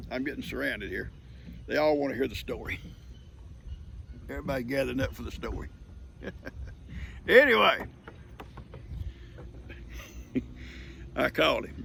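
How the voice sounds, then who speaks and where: Gravelly older man telling yarns. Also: mid-range voice, fairly bright tone, a little hiss or hum. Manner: chuckling, folksy, talks to his dogs. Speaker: vlogger. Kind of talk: casual storytelling. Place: outdoors on a farm.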